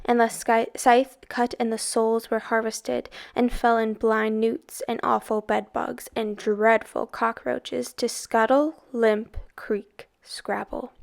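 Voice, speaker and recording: Slow, expressive woman reading aloud. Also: fairly high pitch, gravelly. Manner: dramatic, expressive storytelling. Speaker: book club reader.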